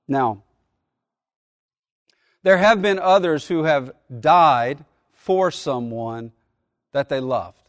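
A middle-aged male pastor preaching a sermon in an earnest way, slowing down and building up on key phrases. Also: a little high, no echo.

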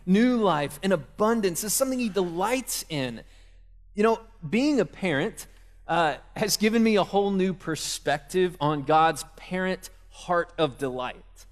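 High-voiced young pastor in a reverberant hall. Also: male voice. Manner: conversational, storytelling with asides to parents. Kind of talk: sermon.

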